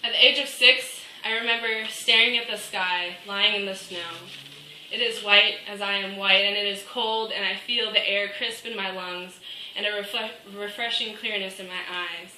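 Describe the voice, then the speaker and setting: A woman's voice: mid-range voice, a little hiss or hum. Young woman reading, far off in an echoey hall. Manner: reflective, measured, growing quieter. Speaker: student reader. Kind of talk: reading a personal essay aloud. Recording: roomy echo, mic far off.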